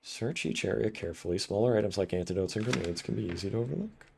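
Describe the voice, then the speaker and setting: A man's voice: on the low side, expressive, fast, vocal fry, darkish tone, a little hiss or hum. A man streaming a horror game, joking casually and reading in-game text aloud as he plays. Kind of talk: casual let's-play commentary. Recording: game music behind voice.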